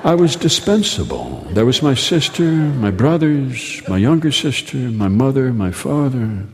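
Deadpan male storyteller in a reverberant hall. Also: mid-range voice, unhurried. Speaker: host and storyteller. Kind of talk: humorous storytelling monologue.

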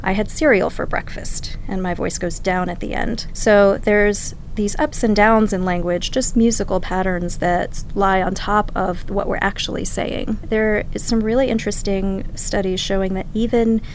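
A woman who researches how children learn language, explaining clearly in an interview. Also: medium pitch, fairly even intonation, normal speed, hardly any pauses, a little hiss or hum, rough recording. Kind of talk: expert interview.

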